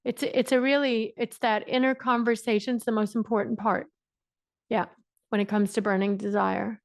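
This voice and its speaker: Irish woman, high voice, emphatic coach, repeats herself, laughs a lot. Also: level tone, moderate pace, gravelly, dry recording, studio quality. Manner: emphatic, repetitive, laughs often. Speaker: business coach. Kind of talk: motivational coaching call.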